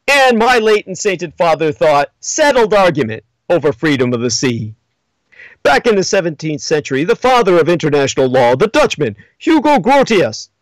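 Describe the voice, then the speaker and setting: A man hosting a livestream, lecturing in a monologue with emphatic, theatrical swings in pitch, spelling out names as he goes. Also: no room sound, rough recording. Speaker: livestream host.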